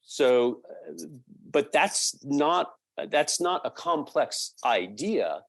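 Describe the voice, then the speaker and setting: A man being interviewed as a guest, explaining a point at length with frequent pauses and fillers. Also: on the high side, big pitch swings, creaky, a bit bright, dry recording. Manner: thoughtful, halting with many fillers. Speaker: podcast guest, media researcher.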